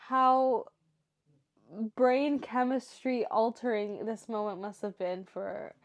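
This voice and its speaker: Host casting: young woman, fairly high voice, reads stories aloud, drops in heartfelt asides. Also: steady tone, slow, dull audio. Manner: emotional, chatty asides between read passages. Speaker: story reaction host. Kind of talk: reading stories aloud with reactions.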